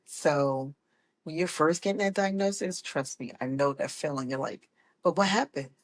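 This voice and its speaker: A woman guest telling her personal story in a casual, lively way, often correcting herself as she goes. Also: low voice, moderate pace. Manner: animated, acts out quoted people with voice changes; laughs often, corrects herself mid-sentence. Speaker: guest, autism mom.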